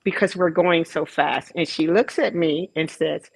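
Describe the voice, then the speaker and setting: Low-pitched woman, slow storyteller, host introducing a guest; dry recording. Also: gravelly, breathy edge, no echo, rough recording. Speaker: panel host, track coach. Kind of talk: event introduction speech.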